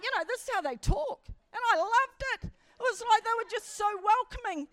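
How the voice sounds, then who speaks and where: A woman preacher giving a church sermon, telling stories animatedly and building to emphatic high points. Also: animated, moderate pace, few pauses, sharp tone, no room sound. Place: church service.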